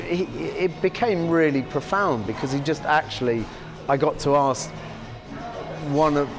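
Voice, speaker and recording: A man in his fifties, a podcast guest telling long anecdotes in a halting, rambling way full of restarts. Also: on the high side. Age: 50s. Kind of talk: anecdotal storytelling.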